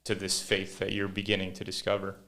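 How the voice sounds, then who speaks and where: A man's voice: low-pitched, monotone, a little fast, bright, forceful tone. A man hosting a podcast interview, reflectively summing up his guest's story in a supportive way. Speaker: podcast host. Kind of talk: conversational interview.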